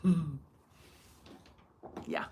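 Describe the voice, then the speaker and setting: A woman's voice: drawn-out words, mellow, a little hiss or hum. Chatty middle-aged woman, livestream medium. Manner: chatty, acts out quoted people, laughs often. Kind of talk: casual livestream chat.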